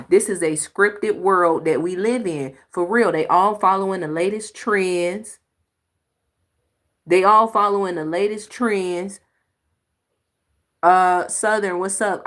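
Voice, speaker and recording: A woman's voice: mid-range voice, fairly bright tone. A woman hosting a reaction video, giving blunt, emphatic commentary on clips with sighs and exclamations.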